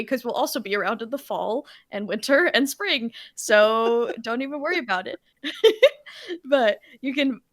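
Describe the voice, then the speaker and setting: Casting note: woman, mid pitch, some vocal fry, dry close mic, rambling and giggly delivery. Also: no echo. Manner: rambling, giggly, warm chatter with fillers. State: emotional, near tears. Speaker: player. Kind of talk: casual chat, plugging upcoming shows.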